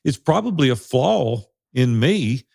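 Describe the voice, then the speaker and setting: A man's voice: mid-range voice, big pitch swings, unhurried, vocal fry, mellow. A middle-aged man co-hosting a podcast, talking in a blunt, direct, plain-spoken way in casual conversation. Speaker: podcast co-host.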